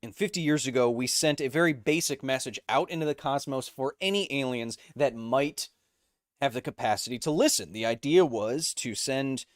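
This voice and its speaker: A man's voice: mid-range voice, dry recording, clean studio sound. A man in his thirties hosting a casual live stream, reading viewer comments aloud and joking between them. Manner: joking, reads chat messages aloud with quick asides. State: coughing fits. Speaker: livestream host.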